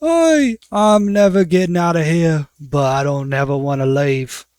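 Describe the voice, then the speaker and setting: A man's voice: a little high, unhurried, a little mellow, clean tone, dry recording, clean studio sound, close to an everyday voice. A man voicing a tough, tattooed dwarf woman prisoner with a wry, drawling way of talking in a tabletop game. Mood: gleeful.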